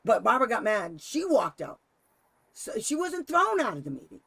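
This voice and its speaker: An extremely high-pitched male voice, creaky and slightly rough, speaks at normal speed on a dry recording. The host, a special education advocate, narrates a story animatedly in a casual talk, laughing frequently and acting out quotes himself.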